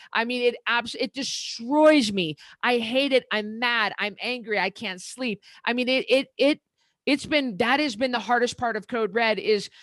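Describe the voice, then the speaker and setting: Casting note: earnest, emotional woman coach in her middle years, pitched a bit high, dry close sound. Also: a bit bright, no room sound. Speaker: podcast guest, diet coach. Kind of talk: candid interview talk.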